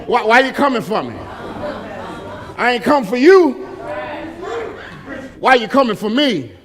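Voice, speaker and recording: A casual, slangy Jesus, as a preacher puts on a hurt man who keeps asking why. The voice sits high for a man and falls into quick street-style speech. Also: sing-song, a crowd in the background, full character voice. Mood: wounded. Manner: slangy, pleading, repetitive questions.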